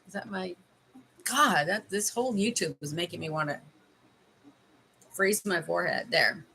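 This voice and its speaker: A woman's voice: fairly low pitch, moderate pace, vocal fry, bright, forceful tone, a little hiss or hum, low-quality recording. A middle-aged woman from Canada doing a casual livestream as a life coach, chatting with viewers while tasting candies and giving advice.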